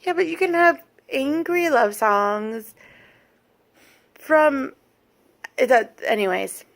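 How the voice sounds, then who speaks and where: A woman with a somewhat high-pitched voice, chatting casually as a co-host and parent. She talks thoughtfully, explains things with care, and often rephrases her questions as she works them out. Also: animated, slow pace, gravelly. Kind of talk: casual chat.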